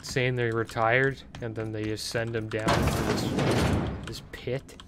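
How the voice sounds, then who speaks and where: A man casually commentating his video game playthrough, chatty and excitable, recorded on a desktop mic at home. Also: medium pitch, slow pace, heavy background noise. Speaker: gameplay commentator.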